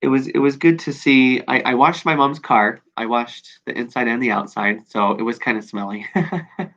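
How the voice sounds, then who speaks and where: A man recording a personal video journal, talking in a reflective, halting way with many pauses and fillers. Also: mid-range voice, a bit bright. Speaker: video diarist. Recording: dull lo-fi recording.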